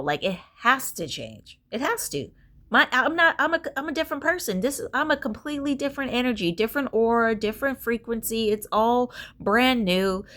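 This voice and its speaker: A woman's voice: mid-range voice, a bit bright. A woman vlogger giving an emphatic motivational talk to her viewers. She repeats herself for effect and swears casually, speaking from a hotel room. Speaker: inspirational vlogger.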